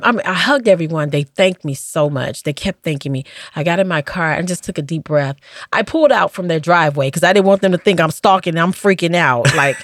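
Lowish-voiced woman telling nurse stories, acts out the quotes, super dry mic. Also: dry recording. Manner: animated, acts out quoted dialogue with big pitch jumps. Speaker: former hospice nurse, podcast guest. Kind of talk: storytelling in a casual interview.

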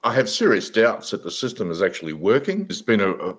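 A man's voice: fairly low pitch, big pitch swings, brisk, a bit bright, breathy edge. A man with a New Zealand accent, a guest cartoonist explaining at length over a video call. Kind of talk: casual video interview.

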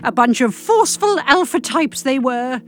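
A woman reading a comic monologue with dry, deadpan delivery. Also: sits high, normal speed, soft background music. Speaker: comic storyteller.

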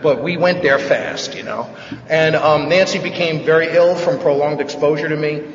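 A man from the Bronx telling his own story at a recovery meeting, with wry jokes and animated delivery. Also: a little high, moderate pace. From the Bronx, New York. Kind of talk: personal recovery talk, humorous storytelling. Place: large meeting hall. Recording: echoey hall, distant mic, dull sound.

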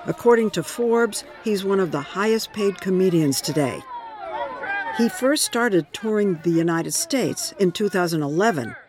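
Guy narrating a news feature, fairly high voice, measured and clear. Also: expressive, a crowd in the background. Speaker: correspondent, narrator.

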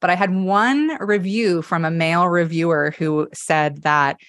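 A woman comedian, a podcast guest, telling stories in a candid, animated way and swearing freely. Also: fairly low pitch, measured pace, dry recording, clean studio sound. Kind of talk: casual podcast storytelling.

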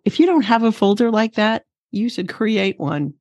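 A woman's voice: medium pitch, lively intonation, normal speed, darkish tone, no room sound. Earnest woman podcaster, dry sound. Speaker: podcast co-host. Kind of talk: reflective podcast talk.

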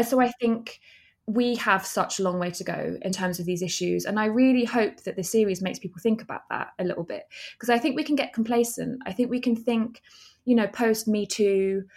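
A woman from England, a documentary director, answering interview questions in a thoughtful, earnest way. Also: mid-range voice. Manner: thoughtful, earnest, with frequent restarts. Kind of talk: interview conversation.

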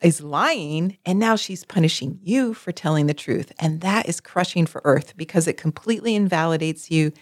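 A woman's voice: lowish voice, normal speed, hardly any pauses, no echo, studio quality. A woman in casual conversation as co-host, telling stories expressively and acting out the people in her examples. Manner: expressive, animated storytelling with vivid voiced examples. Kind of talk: casual chat.

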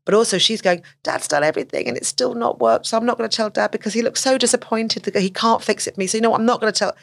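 A woman's voice: on the high side, rapid-fire, vocal fry. A middle-aged woman giving conversational advice as an autism specialist, often acting out what children and teachers say. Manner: animated, acts out quoted speech.

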